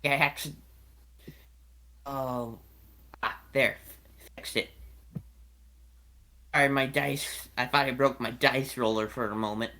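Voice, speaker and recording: A woman's voice: rumbling low, fairly even intonation, takes it slowly, pauses often, bright, forceful tone. A woman playing a warlock in a tabletop game, matter-of-fact as she explains her moves. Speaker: player. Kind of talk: tabletop game play on a stream.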